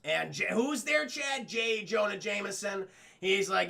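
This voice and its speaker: A young man recapping a cartoon episode on a livestream, rambling, swearing, and talking to his chat. His voice is high and bright with a gravelly fry. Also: very animated, measured pace. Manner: rambling, profane, addresses chat. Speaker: cartoon reviewer streaming.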